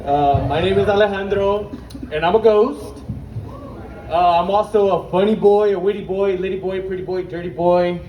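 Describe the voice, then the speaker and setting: A man's voice: sits high, steady tone, brisk, few pauses, mellow. A young man telling brash, profane stand-up stories at an open mic, out of breath at times. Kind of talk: stand-up storytelling. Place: open mic stage at an outdoor market. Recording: distant echoey outdoor market recording with faint noise.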